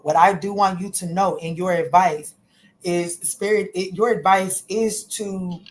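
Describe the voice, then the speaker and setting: A woman's voice: lowish voice, steady tone, measured pace, poor audio. A woman giving a casual tarot reading to camera, chatty and folksy, calling listeners baby and honey and cursing freely. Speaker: tarot reader.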